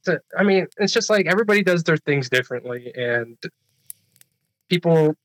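A man's voice: a little high, animated, normal speed, a bit bright, no room sound, rough recording. A man in casual chat, earnest and agreeable, often restarting his sentences. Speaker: paranormal investigator.

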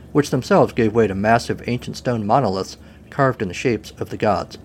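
A man's voice: mid-range voice, a little mellow, a little hiss or hum. Wry male storyteller reading a comic tale. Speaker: narrator.

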